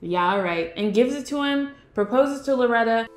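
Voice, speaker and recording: A young woman casually recapping a movie in a chatty, giggly way, slipping into quick impressions of the characters. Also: on the high side, lively intonation, faint music behind. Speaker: film vlogger. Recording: echoey room.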